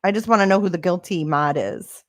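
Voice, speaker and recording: A woman with a lowish voice that swings up and down a lot, hosting a casual livestream and replying to viewers. She talks in a sarcastic, defensive way, and her voice sounds dry and close with no room echo. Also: very animated, a little fast. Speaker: livestream host. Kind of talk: casual livestream chat reading comments.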